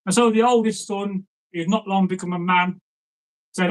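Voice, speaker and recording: A man tells an old folk tale in a loose, conversational way. He wanders off into asides and then picks the thread back up, and his voice sits fairly high for a man. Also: steady tone, normal speed, rough recording. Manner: chatty, digressive, with asides to the listener. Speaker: storyteller. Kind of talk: casual folk-tale storytelling.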